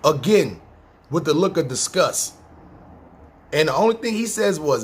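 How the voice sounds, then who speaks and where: A man's voice: a little high, animated, moderate pace, pauses often, slight background noise. A man from New York with a New York accent, telling a long story casually, rambling, swearing freely and acting out what people said. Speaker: podcast storyteller.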